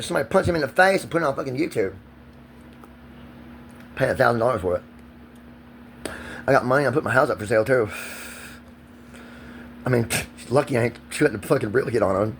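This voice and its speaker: A man's voice: mid-range voice, expressive, fairly quick, pauses often, slight background noise. A man, ranting in a profane, agitated and rambling vlog monologue recorded outdoors. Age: 40s.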